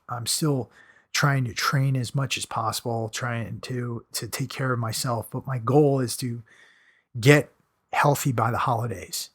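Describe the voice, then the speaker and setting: Male podcast host, hoarse from losing his voice, punchy motivational delivery with repeated phrases. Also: mid-range voice. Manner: emphatic, repeats phrases for stress.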